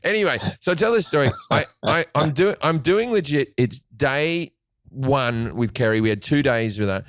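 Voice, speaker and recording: A comedian appears as a guest in a casual chat, telling crude stories full of profanity, often restarting phrases and acting out the voices of people he quotes. His mid-range voice is animated at a moderate pace, captured as clean studio sound with no room echo.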